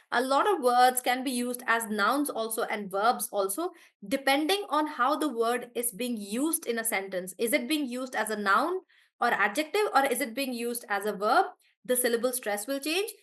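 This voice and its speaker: A woman's voice: on the high side, expressive, moderate pace, fairly bright tone. A woman teacher, chatty in a live online class, explaining word stress through spoken examples. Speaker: English pronunciation teacher.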